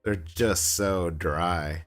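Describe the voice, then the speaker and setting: Man, very low voice, rambling casual gaming chat, soft game music behind. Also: very slow. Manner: rambling, joking asides. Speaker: gaming streamer.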